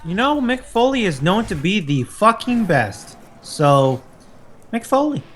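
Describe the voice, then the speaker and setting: A man with a slightly raised voice talks loosely in a relaxed, rambling way, cursing now and then. Faint music sits quietly behind him. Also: high-pitched, unhurried. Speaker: co-host, gaming guest. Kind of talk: casual gaming chat.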